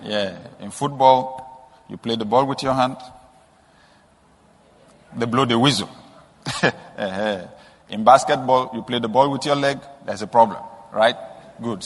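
A man preaching a sermon, telling stories with soft asides and sudden emphatic rises. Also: mid-range voice, a little slow, pauses often. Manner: storytelling with rising emphatic bursts and soft asides. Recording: long hall reverb.

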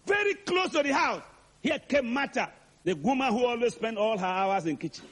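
A male preacher delivers a dramatic sermon and keeps asking the crowd to answer back. His voice is high for a man. It rises and falls a great deal and has a husky grain. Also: big pitch swings, fairly quick, fairly bright tone. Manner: dramatic, calls for responses.

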